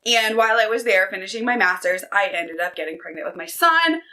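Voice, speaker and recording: A woman's voice: medium pitch, lively intonation, a little fast, bright, forceful tone, poor audio. A woman in her thirties chatting energetically to camera, telling personal stories in an upbeat, chatty way. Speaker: book vlogger. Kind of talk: casual chat.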